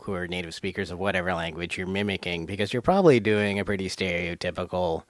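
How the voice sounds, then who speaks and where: Man, very low voice, podcast co-host, casual measured chat, dry close sound. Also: no echo. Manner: measured, thoughtful, with hesitant fillers.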